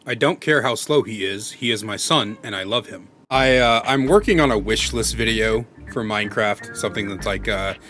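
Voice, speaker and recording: Soft music plays behind the Minecraft let's-play host as he rambles casually through his block-building game, occasionally yelping and pleading in panic. He talks at normal speed with hardly any pauses, his lowish voice bright and forceful.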